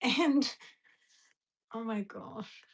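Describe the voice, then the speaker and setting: A woman's voice: a little high, extremely slow, husky, rough recording. A young woman chatting casually with viewers on a live stream, giggly and rambling, often breaking off and restarting her sentences. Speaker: livestream host. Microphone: phone or webcam on a live stream.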